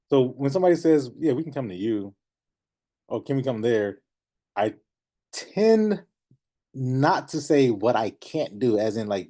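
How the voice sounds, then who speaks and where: A man coaching a class in a casual, animated way, often laughing and acting out what clients say. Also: medium pitch, measured pace, pauses often. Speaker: notary business coach. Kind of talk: teaching class, casual talk.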